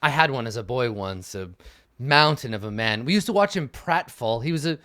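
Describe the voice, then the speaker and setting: A man's voice: medium pitch, lively intonation, brisk, sharp tone, no echo, clean studio sound. A man voicing a cocky young male noble duelist in a tabletop game, teasing and playfully arrogant.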